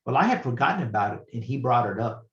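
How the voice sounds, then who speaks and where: An older man speaks as a guest lecturer, earnest and reflective, often pausing and restarting his sentences. His voice sits at an ordinary pitch. The recording sounds roomy and a little muffled. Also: lively intonation. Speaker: retired professor, guest speaker. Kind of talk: personal storytelling lecture.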